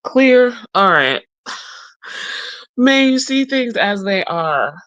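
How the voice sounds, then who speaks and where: A woman talks slowly and unhurriedly into a close microphone, in a dry room with no echo. She reads each card's short blessing aloud. Then she thinks aloud about the picture, trailing off and starting again. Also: mid-range voice, sing-song, a bit bright, clean tone, highs cut off. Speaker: tarot and oracle deck reviewer. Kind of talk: casual deck walkthrough. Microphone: close mic.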